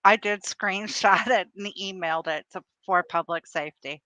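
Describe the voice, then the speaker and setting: Female co-host, teasing and chatty, bright clear voice, close dry sound. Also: medium pitch, dry recording, dull audio. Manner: teasing, quick to laugh. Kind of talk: casual live stream chat.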